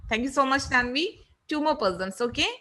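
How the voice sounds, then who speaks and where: A woman's voice: sits high, lively intonation, sharp tone, rough recording. A woman politely moderating an online session and inviting questions. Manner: polite, slow, courteous.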